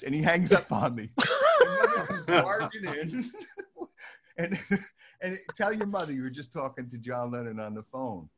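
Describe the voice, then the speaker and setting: An older man from New Jersey telling a lively anecdote, acting out the voices of the people in it. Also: on the high side, moderate pace, breathy edge. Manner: lively, acts out voices in his story. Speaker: storyteller guest.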